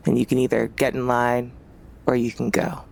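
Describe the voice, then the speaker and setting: A woman's voice: extremely low pitch, little pitch movement, moderate pace, vocal fry, darkish tone, full character voice. A woman voicing a domineering female vampire who issues a firm ultimatum. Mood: menacing. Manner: firm, threatening.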